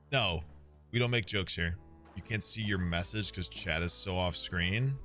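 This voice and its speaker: A man streaming a game, chatting casually to his viewers, excitable and swearing often. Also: sits low, measured pace, soft background music. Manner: excitable, swears a lot, talks to chat.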